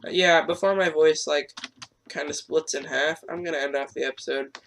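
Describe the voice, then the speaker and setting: A man's voice: on the high side, fairly even intonation, fairly quick, vocal fry, fairly bright tone, a little hiss or hum. A teenage boy commenting on his own gameplay, rambling and self-deprecating, stuttering often, his throat strained. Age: teens. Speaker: gamer.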